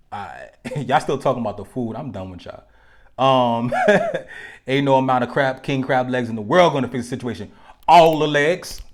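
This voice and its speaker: A man hosting a live relationship talk, speaking casually with slang and joking asides to his viewers, slowing down to stress key points. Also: mid-range voice. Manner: loose and conversational, slang, joking asides to the chat.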